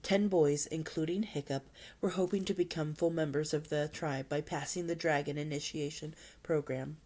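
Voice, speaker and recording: A woman presents a book talk, retelling the story in an expressive, dramatic read-aloud style punctuated by sudden whispers. Her voice is low-pitched and her pace moderate.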